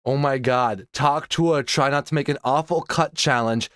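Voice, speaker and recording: A man's voice: medium pitch, moderate pace, fairly bright tone, smooth, dry recording. A young man doing comedic reaction commentary, exasperated and sarcastic, swearing through his rants. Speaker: commentary YouTuber.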